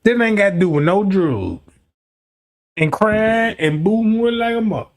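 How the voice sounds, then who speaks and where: A man livestreaming, telling a profane, rambling story to his chat, dropping to low mutters and then shouting. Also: sing-song, unhurried. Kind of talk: casual storytelling to a live chat.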